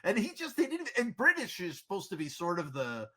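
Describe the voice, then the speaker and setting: A man hosting a casual podcast chat, talking in an animated, rambling way with frequent restarts. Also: high voice, a little fast, slightly rough. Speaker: podcast host.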